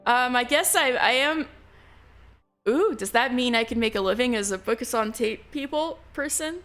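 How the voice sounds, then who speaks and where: High bouncy girl streamer, laughs a lot, reads the story out with faint music under it. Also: normal speed. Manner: giggly, animated, voices each character. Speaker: streamer reading a visual novel aloud. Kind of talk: casual chat and dramatic read-aloud narration.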